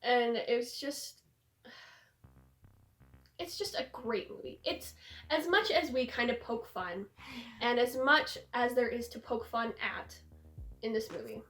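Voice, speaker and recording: A young woman hosting a casual movie discussion, animated and laughing, acting out lines from the film. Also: fairly high pitch, measured pace, pauses often, roomy sound. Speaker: host.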